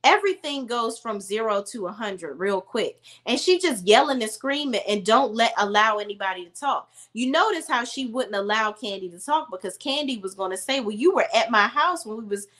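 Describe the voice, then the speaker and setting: A woman's voice: on the high side, lively intonation, normal speed, few pauses, fairly bright tone. A woman giving opinionated, casual commentary as she recaps a reality TV episode. She talks bluntly and with exasperation, in a slangy storytelling style.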